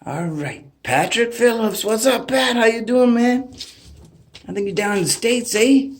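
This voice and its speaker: A man, hosting his channel and greeting a long list of names in a rambling, animated way. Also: extremely high pitch, measured pace. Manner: rambling, animated, greets each name warmly. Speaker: channel host. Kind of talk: casual shout-out vlog.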